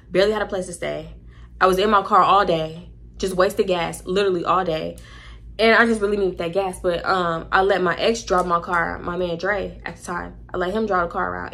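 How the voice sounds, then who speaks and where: A young woman tells a candid storytime vlog in slangy, profane speech. She talks fast with an animated delivery, and her voice is bright and forceful. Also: medium pitch. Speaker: vlogger.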